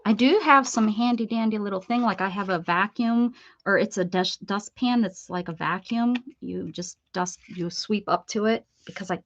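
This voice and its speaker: A woman's voice: mid-range voice, normal speed, highs cut off. A woman hosting a casual live crafting stream, chatty and bubbly, greeting viewers and laughing. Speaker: craft video host.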